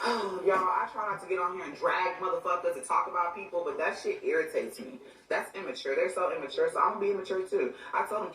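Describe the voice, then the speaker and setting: A woman's voice: medium pitch, fairly bright tone. A woman ranting on a livestream, venting with irritation and breaking off now and then to talk to people beside her. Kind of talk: livestream rant. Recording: echoey room voice from a distance.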